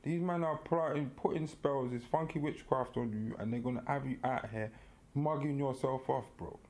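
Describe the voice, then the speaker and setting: A man's voice: mid-range voice, moderate pace, darkish tone. A man co-hosting a podcast, animatedly retelling a story in casual chat, full of slang and laughter. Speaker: podcast co-host.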